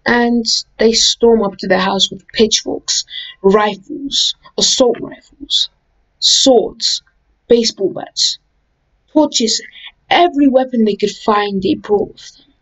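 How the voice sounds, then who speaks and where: A woman's voice: on the high side, slow pace, fairly bright tone, muffled recording. A woman casually telling a made-up story in a loose, rambling way, chaining events with "and" and correcting herself along the way. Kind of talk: casual fan-fiction narration.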